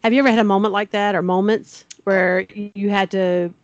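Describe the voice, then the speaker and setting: A woman's voice: mid-range voice, fairly even intonation, brisk, no echo. A woman hosting a casual podcast chat, talking in a rambling, chatty way. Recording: dull, dry lo-fi audio.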